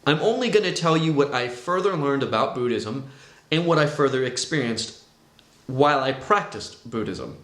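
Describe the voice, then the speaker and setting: Guy telling his story on a vlog, lively up and down, echoey room. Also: mid-range voice, moderate pace. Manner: conversational, animated storyteller. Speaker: vlogger sharing his testimony. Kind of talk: personal testimony vlog.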